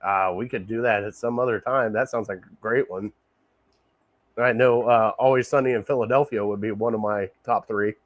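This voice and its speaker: A man's voice: fairly low pitch, steady tone, normal speed, dry recording, dull audio. A man hosting a casual sports podcast, enthusiastic and laughing often, repeating himself. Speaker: podcast host.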